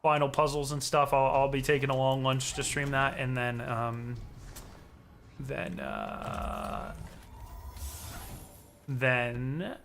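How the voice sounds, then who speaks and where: A man's voice: medium pitch, little pitch movement, normal speed, few pauses, a bit bright, a little hiss or hum. A man from the States, chatting casually on a live stream in a rambling, profane way and talking straight to his chat. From Southern United States.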